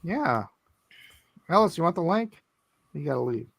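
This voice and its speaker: A man's voice: a little high, sing-song, moderate pace, vocal fry, a bit bright, breathy edge, no room sound. A man in a casual group chat with a dry, teasing manner.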